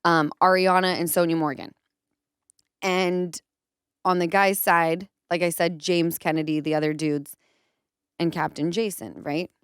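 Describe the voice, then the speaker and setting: Animated woman host telling a story. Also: fairly low pitch, unhurried, clean tone, no room sound, clean studio sound. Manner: animated storytelling, acts out quotes. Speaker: podcast host. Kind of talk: casual podcast chat.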